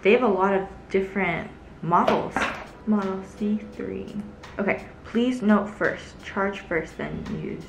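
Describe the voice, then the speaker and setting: A woman's voice: mid-range voice, measured pace, gravelly, roomy sound, noisy background. A young woman vlogging casually as she tests a gadget, chatty and easily grossed out. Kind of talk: casual product-testing vlog.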